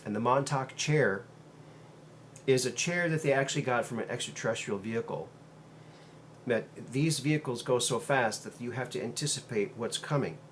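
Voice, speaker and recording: A man's voice: medium pitch, a bit bright, a little hiss or hum. A man hosting his own show, retelling a story in a loose, meandering way with many ums and uhs. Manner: meandering, halting, frequent um and uh fillers. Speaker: host. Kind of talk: casual monologue retelling a story.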